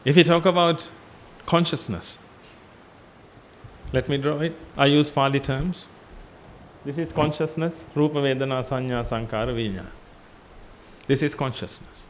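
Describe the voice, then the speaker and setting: A man's voice: mid-range voice, normal speed, pauses often, slight background noise. A man giving a Buddhist sermon in a temple hall, teaching through repetition and rhetorical questions and dropping his voice when he addresses his listeners. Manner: drops his voice on "ladies and gentlemen".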